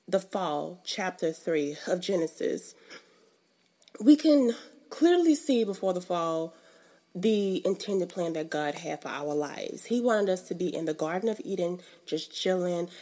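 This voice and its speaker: A woman's voice: on the low side, a little mellow. A young woman giving a casual, emphatic devotional teaching in a conversational, colloquial way. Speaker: faith teacher.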